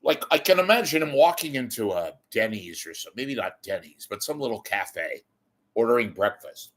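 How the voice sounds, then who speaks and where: A man's voice: medium pitch, expressive, normal speed, a bit bright. A man delivering a ranting commentary, exasperated, sarcastic and blunt, with occasional profanity. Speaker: media commentator.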